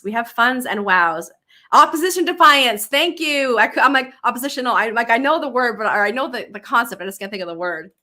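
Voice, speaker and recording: A woman's voice: mid-range voice, bright, forceful tone. A woman host talking casually and upbeat, often adding "right?" and restarting her sentences while she answers comments. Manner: chatty, upbeat, with many "right?" tags and restarts. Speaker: podcast host. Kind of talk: casual solo talk reading live comments.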